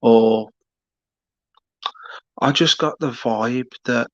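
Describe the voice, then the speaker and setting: A man with a Birmingham accent chatting casually on a late-night live stream, rambling and halting with lots of fillers. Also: mid-range voice, a bit bright, no echo, highs cut off.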